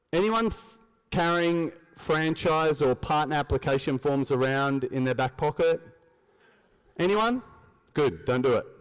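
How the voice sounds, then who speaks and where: Aussie guy on stage, slightly high voice, big echoey hall, tells stories and throws questions at the crowd. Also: smooth. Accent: Australian. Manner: storytelling, acts out dialogue, asks the crowd questions. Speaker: speaker at a business event. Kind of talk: motivational stage talk. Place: large event hall, on stage. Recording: long hall reverb.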